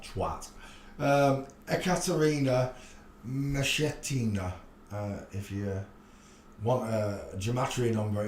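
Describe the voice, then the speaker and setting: Low-voiced man rambling on a livestream. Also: a little mellow. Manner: rambling, thinking aloud, crude jokes. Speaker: livestream host. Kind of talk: casual livestream commentary. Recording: echoey room, faint background noise.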